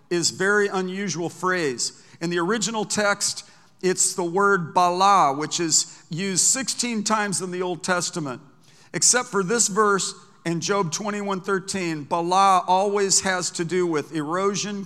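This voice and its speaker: A man's voice: sits high, a bit bright. A man preaching a sermon as pastor, emphatic, reading scripture aloud and repeating words for stress. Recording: long hall reverb.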